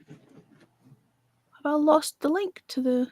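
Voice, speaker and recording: A woman's voice: high voice, expressive, slow, long pauses, darkish tone. Chatty woman hosting a livestream. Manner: chatty, mutters to herself while searching. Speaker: livestream music review host. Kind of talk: casual chat.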